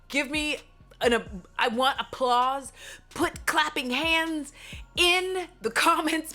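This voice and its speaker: A woman's voice: a little high, pushed and bright. A woman beauty vlogger chatting casually at home about makeup, dramatic and profane, often trailing into little vocal noises. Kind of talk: casual chat reviewing makeup.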